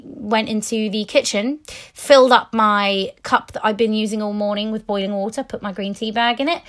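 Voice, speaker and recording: A woman's voice: mid-range voice, a bit bright. A woman hosting a podcast, ranting frankly in a casual, rambling way with plenty of swearing and fillers. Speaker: podcast host. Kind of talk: casual solo rant.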